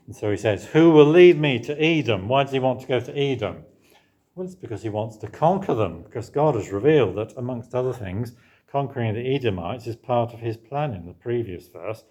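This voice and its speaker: A man's voice: lowish voice, a little mellow, slightly rough. A man preaching a sermon in a conversational way, asking the congregation questions and answering them himself.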